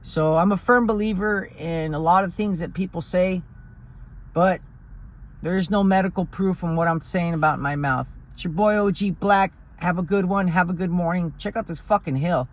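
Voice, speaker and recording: A man's voice: sits high, normal speed. A man talking in a blunt, profane, rambling way in a casual vlog, recorded outdoors on a hill. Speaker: vlogger.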